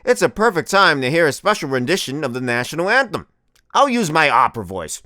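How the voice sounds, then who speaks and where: A man's voice: on the high side, sing-song, fairly quick, pushed and bright, no room sound, clean studio sound. A young man in his twenties doing a crude, exasperated comedic rant as a vlogger.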